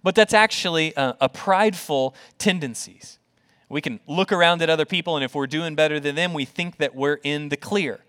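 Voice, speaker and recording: Earnest, slightly high-voiced male preacher. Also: normal speed, clean tone. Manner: earnest, conversational preaching with rhetorical questions and repetitions; drops to a soft, quiet voice for tender points. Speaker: pastor. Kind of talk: sermon.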